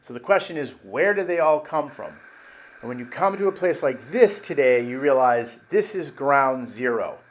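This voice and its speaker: A man's voice: medium pitch, lively intonation, normal speed. A man giving an enthusiastic, chatty walkthrough of a car dealership showroom. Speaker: car vlogger. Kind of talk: casual walkthrough narration.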